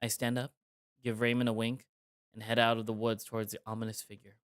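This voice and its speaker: A man's voice: medium pitch, monotone, a little fast, clean tone, no room sound, clean studio sound. A man streaming a live reading of a visual novel, narrating in the first person with casual, joking asides.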